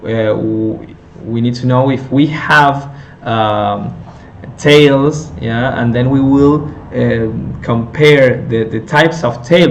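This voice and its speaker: A male teacher slowly explaining a lesson step by step, with many fillers and self-corrections. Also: mid-range voice. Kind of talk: recorded lecture on intonation.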